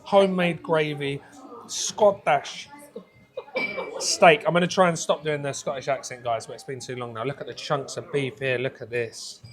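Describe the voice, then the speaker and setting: A man's voice: mid-range voice, fairly even intonation, a little fast, hardly any pauses. A British man hosting a casual food vlog, chatty and upbeat as he talks to camera. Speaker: food vlogger host.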